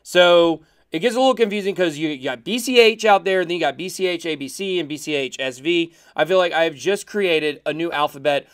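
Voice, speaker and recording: A man co-hosts a podcast in a casual, excitable way and laughs easily. His voice sits a little higher than most men's, and he explains topics at length. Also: a little fast, hardly any pauses. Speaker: podcast co-host. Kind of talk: casual chat.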